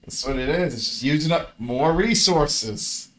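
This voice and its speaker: A man's voice: on the high side, lively intonation, a little slow, fairly bright tone. A man casually commentating his own card game match, grumbling and swearing at his bad luck.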